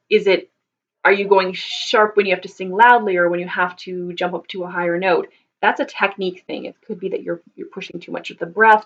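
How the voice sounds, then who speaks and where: A woman's voice: lowish voice, a bit bright. Patient woman voice teacher, thoughtful. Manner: thoughtful, many ums and restarts, explains patiently. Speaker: voice teacher answering viewer questions. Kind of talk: live Q&A teaching. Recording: slightly dull lo-fi sound.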